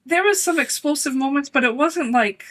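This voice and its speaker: A woman's voice: high voice, lively intonation, normal speed, a bit bright. A woman co-hosting a casual chat, rambling and giggling often. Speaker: co-host.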